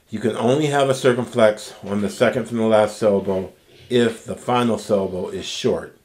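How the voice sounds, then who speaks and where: A male teacher walks through a Greek grammar lecture, pausing often to ask "okay?". His voice sits low. He talks at an unhurried, deliberate pace. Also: darkish tone. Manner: slow, patient explanation with frequent "okay?" checks. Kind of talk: recorded language lecture.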